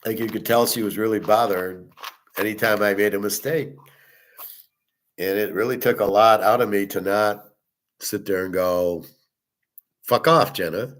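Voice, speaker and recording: A man's voice: on the low side, fairly even intonation, normal speed, long pauses. A middle-aged man hosting a casual monologue, telling a personal story in a blunt, profane way. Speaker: host.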